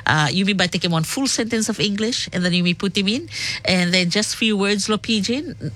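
A woman from the Solomon Islands with a Solomon Islands accent, presenting on radio in a casual, halting way, switching between English and Pidgin. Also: mid-range voice, fairly bright tone. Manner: halting, code-switching, many fillers. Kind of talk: casual on-air explanation.

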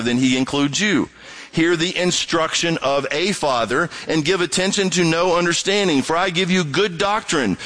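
A man preaching a sermon, reading scripture and acting out quoted voices and alarm sounds with lively energy. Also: high-pitched, rough recording. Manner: animated, acts out quoted voices and sound effects.

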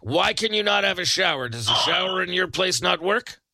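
Radio host guy, bright sharp voice, dry sarcastic jokes at the caller. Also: sits high, animated, moderate pace, no echo. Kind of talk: late-night call-in radio.

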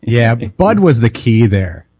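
Husky, lively-voiced male co-host. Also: medium pitch, takes it slowly, no room sound. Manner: wry teasing questions. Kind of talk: casual sports talk.

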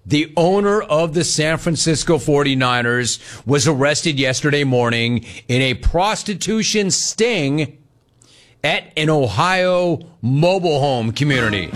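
A man hosting a sports talk show, ranting in a sarcastic, mocking, animated way. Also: fairly high pitch, a little slow, soft background music. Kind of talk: comedic sports commentary rant.

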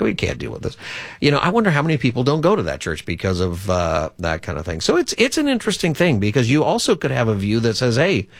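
Chatty pastor hosting a call-in show. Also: male voice, lowish voice, dry recording. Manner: chatty, conversational, rambling with fillers. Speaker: radio talk show host and pastor. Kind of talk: call-in radio talk.

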